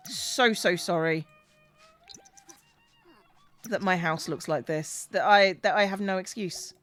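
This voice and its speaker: A woman's voice: mid-range voice, a little slow, pauses often, fairly bright tone, soft background music. A woman streaming a game, casually chatting and scolding the characters on screen. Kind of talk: casual gameplay chat.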